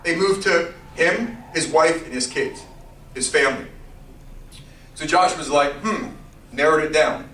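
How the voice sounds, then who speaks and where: Man, youth pastor, high bright voice, lively storytelling, echoey room from far off. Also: unhurried, pauses often, slight background noise. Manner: animated storytelling with playful character voices. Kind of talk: youth sermon.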